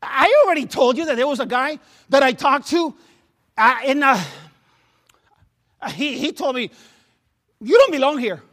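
High-voiced Spanish-accented man preaching. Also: expressive, moderate pace, long pauses, fairly bright tone. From Latin America. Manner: repeats words and restarts, laughs at himself, storytelling. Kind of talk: sermon. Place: church sanctuary.

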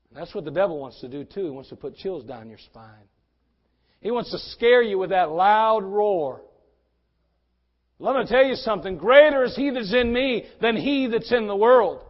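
A middle-aged man preaching a sermon in a church as pastor, swinging from fervent shouts to hushed, intimate tones. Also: high voice. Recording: dull lo-fi sermon recording.

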